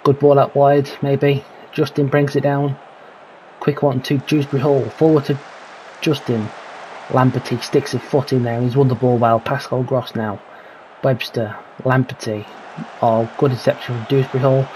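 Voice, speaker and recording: A man's voice: medium pitch, little pitch movement, normal speed, darkish tone, slight background noise, poor audio. A man giving casual let's-play commentary on a football management game, calling out players and thinking aloud about tactics. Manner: calls player names, mutters his own worries. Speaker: gaming commentator.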